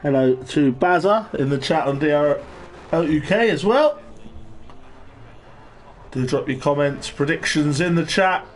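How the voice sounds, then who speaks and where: A man giving relaxed live commentary on an online race and greeting viewers in the chat. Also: on the high side, a little slow, long pauses. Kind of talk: live sim-racing commentary. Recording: noisy stream with engine sound behind.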